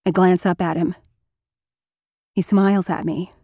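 A woman's voice: on the low side, fairly even intonation, a little slow, mellow, no room sound, clean studio sound. A woman narrating a first-person story in a wry, intimate way with flashes of anger.

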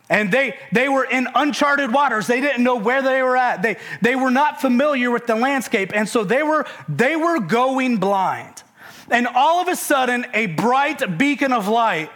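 High-voiced man preaching a sermon. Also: fairly bright tone. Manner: conversational and emphatic, repeats key phrases; folksy humorous asides. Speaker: pastor.

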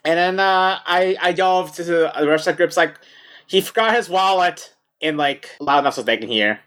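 A man's voice: sits high, moderate pace, fairly bright tone. A man playing a tabletop game, chatting casually and hesitantly with many filler words. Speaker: player.

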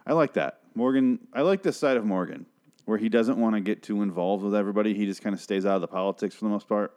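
Lowish-voiced man recapping casually. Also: a little mellow. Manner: swears freely, acts out characters' lines in quick voices. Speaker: TV episode recap host. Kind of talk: casual profane episode recap.

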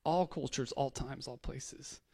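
A man's voice: medium pitch, measured pace, vocal fry, warm tone, long reverb tail. A man preaching a conversational sermon as a pastor, telling stories casually and often restarting words.

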